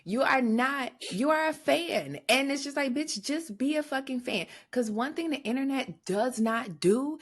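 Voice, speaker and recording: A woman's voice: high voice, animated, unhurried, few pauses. A woman co-hosting a podcast in casual gossip chat, blunt and profane, hammering points with repetition. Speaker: podcast co-host.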